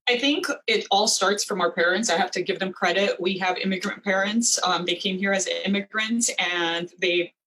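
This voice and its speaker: A woman in her thirties answers questions as a podcast guest. Her voice sits at a middle pitch. She speaks conversationally, leaning on "you know" as she goes. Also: steady tone, moderate pace, hardly any pauses, sharp tone, rough recording. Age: 30s. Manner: conversational, frequent "you know"s and light laughs. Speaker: guest, business founder. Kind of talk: casual interview.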